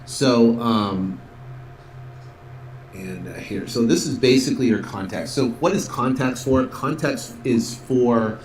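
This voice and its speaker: Man giving a casual software walkthrough. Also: mid-range voice, takes it slowly, reverberant, slight background noise. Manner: casual, upbeat, many fillers, acts out sales calls. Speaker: instructor.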